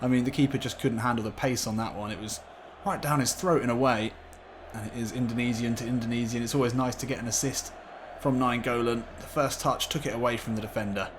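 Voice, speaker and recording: A man narrates his own football video game match like a match commentator, rising with excitement as the chances come. His voice sits in a middle range. A faint hiss runs under the recording. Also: mid-range voice, quick pace. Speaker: gaming YouTuber. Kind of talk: gameplay commentary.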